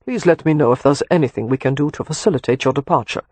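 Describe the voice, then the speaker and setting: A man's voice: medium pitch, fast, darkish tone, no echo, close to an everyday voice. An audiobook narrator voicing a weary, protective Romany man who talks with dry sarcasm and turns earnest when tender. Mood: wry.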